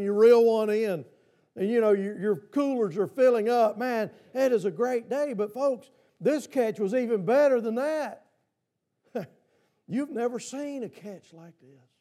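This male pastor has a very high, mellow voice. Standing before his congregation in church, he delivers a sermon punctuated by question after question to the listeners.

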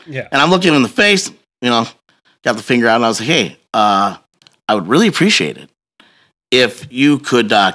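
A man telling a long personal story in casual chat, profane and animated, laughing as he goes. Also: mid-range voice.

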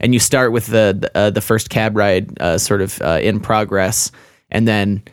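A man's voice: fairly low pitch, fairly even intonation, normal speed, clear, resonant tone, no room sound, clean studio sound. A man in a casual game discussion who talks hesitantly, with many fillers and restarts.

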